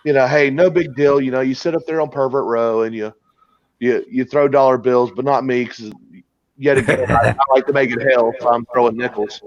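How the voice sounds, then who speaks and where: A man's voice: medium pitch, steady tone, fairly quick, no room sound. Male host, casual crude storytelling, rambling delivery, dull lo-fi recording. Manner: rambling, crude, laughing at his own story. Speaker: podcast host telling a story. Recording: dull lo-fi sound, dry.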